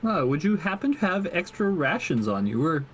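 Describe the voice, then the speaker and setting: Man, tabletop player, lively intonation, formal polite manner. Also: fairly high pitch, moderate pace. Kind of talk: in-character table talk.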